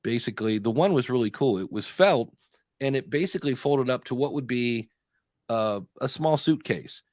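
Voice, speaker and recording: A man co-hosting a podcast live stream, telling stories in a chatty way and often pausing to hunt for the next word. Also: medium pitch, a little mellow, no echo, studio quality. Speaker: podcast co-host. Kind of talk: casual chat on a live stream.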